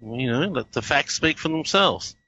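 A man's voice: medium pitch, animated, normal speed, bright, forceful tone, dull audio. A man with an Australian accent hosting a casual chat, thinking aloud and often restarting his sentences. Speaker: host.

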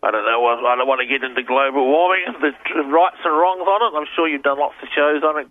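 A man's voice: medium pitch, fast talker. A man with an Australian accent, a guest chatting agreeably on a radio show. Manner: agreeable, animated. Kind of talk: casual radio chat. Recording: phone line with background noise.

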